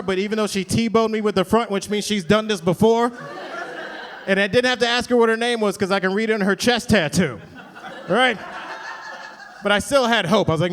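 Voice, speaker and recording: Man, stand-up comedian, high voice, animated storytelling, club stage, crowd laughter.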